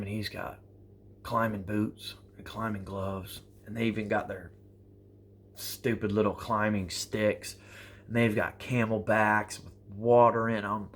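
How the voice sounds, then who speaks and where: Man, thirties, lowish voice, storytelling vlogger, animated, repeats himself for emphasis. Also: slight background noise. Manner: animated, acts out quoted exchanges, profane, repeats phrases for emphasis. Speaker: prepper vlogger. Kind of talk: motivational storytelling to camera.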